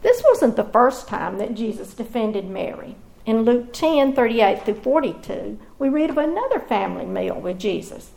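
Brief: woman Bible teacher, slightly high voice with gravelly fry, measured devotional telling. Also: animated, a little mellow, low-quality recording.

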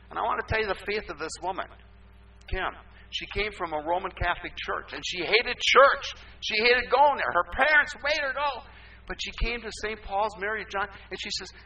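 Older male pastor with a bright, sharp voice. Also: high voice, expressive, moderate pace. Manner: rhetorical questions, swings from loud emphasis to soft asides. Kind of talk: sermon. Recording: distant mic with faint hum.

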